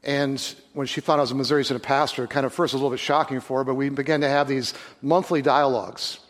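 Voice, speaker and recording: A man who is a pastor, telling a story in a sermon in an earnest, halting way with restarts. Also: mid-range voice, steady tone. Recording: long hall reverb.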